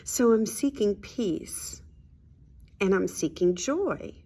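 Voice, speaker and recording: A woman talking through a personal spiritual vlog in a heartfelt, confiding way, at times dropping to a soft near-whisper. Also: medium pitch, lively intonation, slow pace, breathy edge. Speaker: hypnotherapist and spiritual vlogger.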